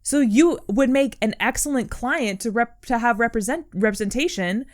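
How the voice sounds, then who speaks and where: Her voice is fairly high and her pace moderate: a young woman co-hosting a podcast, keeping things casual, earnest and encouraging, with plenty of "like" and "um" sprinkled in.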